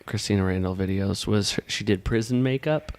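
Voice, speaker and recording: A man's voice: lowish voice, brisk, noisy background. A man co-hosting a casual podcast chat, talking in a chatty, playful way and often trailing off mid-thought. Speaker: podcast co-host.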